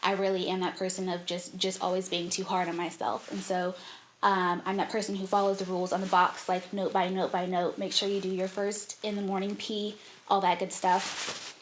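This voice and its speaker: A woman's voice: medium pitch, flat delivery, normal speed, a little hiss or hum. Candid young woman telling a personal story. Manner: candid, heartfelt, many fillers. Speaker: vlogger.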